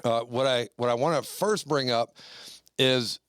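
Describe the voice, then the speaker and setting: A male podcast host with a smooth, clear voice, recorded close and dry. He chats in a loose, rambling way and leans on fillers. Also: mid-range voice, unhurried, fairly bright tone, dry recording. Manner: chatty, rambling with many fillers. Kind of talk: casual podcast conversation.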